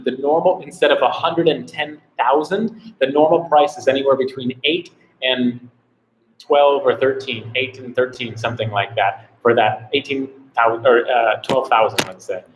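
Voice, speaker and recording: A man hosting a laid-back live travel Q&A stream, talking at a middling pitch. He rambles and leans on "like" between his thoughts. A faint hiss of noise sits under his voice. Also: normal speed, low-quality recording. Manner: rambling, heavy on "like" fillers. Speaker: travel vlogger host. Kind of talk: casual live Q&A chat.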